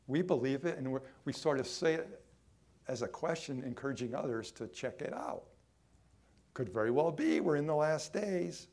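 A man preaching a sermon, emphatic, swinging between loud lines and hushed ones, drawing some phrases out. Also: on the high side, moderate pace, gravelly. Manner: acts out quoted voices in his own voice.

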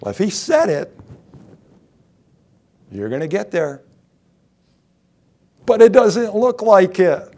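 A man's voice: high voice, very animated, takes it slowly, long pauses, mellow. A middle-aged man preaching a sermon, asking rhetorical questions and reading scripture aloud.

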